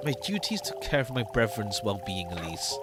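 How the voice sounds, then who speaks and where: A man's voice: on the low side, very animated, brisk, over music, pitched below the performer's own voice. A man reading the lines of a stern village priest in a game, admonishing in manner.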